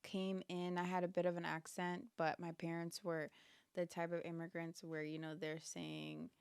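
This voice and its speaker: A young woman in her twenties from Jamaica, a model and actress chatting as a guest, playful and quick to joke. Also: fairly low pitch, little pitch movement, creaky, a little mellow, clear, resonant tone, no room sound. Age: 20s. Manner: playful, jokey, quick to laugh. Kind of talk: casual chat.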